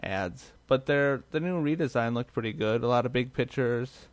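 A man's voice: mid-range voice, moderate pace, dry recording. Man, podcast co-host, casual tech chat, rambling, dry close sound. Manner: chatty, easygoing, trailing off mid-thought.

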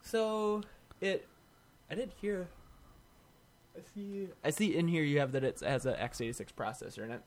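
A man co-hosting a podcast, talking tech news in a relaxed, wry way with quick asides. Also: on the high side. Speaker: podcast co-host. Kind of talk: casual tech chat.

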